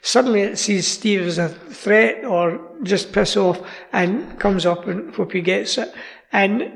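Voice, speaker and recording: A man's voice: high voice, lively intonation, a little slow, creaky, long reverb tail. A Scottish man chatting as a radio guest, rambling with plenty of asides. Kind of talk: casual radio chat.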